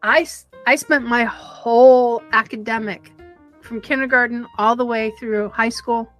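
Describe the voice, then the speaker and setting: A woman in her fifties, a podcast guest telling stories in an animated, conversational way. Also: a little high, a little slow, soft background music. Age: 50s. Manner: animated storyteller who acts out the voices in her anecdotes. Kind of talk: conversational storytelling interview.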